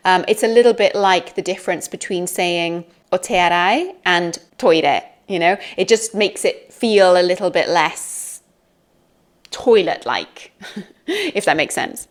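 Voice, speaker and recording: A woman's voice: lowish voice, measured pace. A British woman teaching an English lesson, explaining words in a chatty, friendly way.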